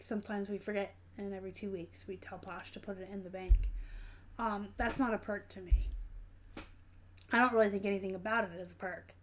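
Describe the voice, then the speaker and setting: A woman hosting a casual live stream, reading viewer comments and chatting frankly with lots of ums and self-corrections. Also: fairly high pitch. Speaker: host of a live reselling Q&A stream.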